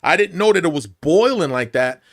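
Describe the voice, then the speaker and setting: An actor in his forties tells a personal story on a podcast. His voice sits fairly high for a man, and he slips into the voices of the people he quotes as he goes. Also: moderate pace. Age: 40s. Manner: animated storyteller, acts out voices. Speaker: actor guest. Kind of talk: storytelling interview. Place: podcast studio.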